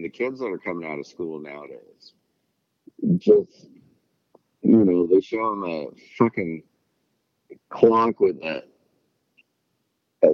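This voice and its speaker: A man's voice: sits low, no room sound, muffled recording. A middle-aged man chatting casually, rambling and swearing as he acts out quotes. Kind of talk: casual chat.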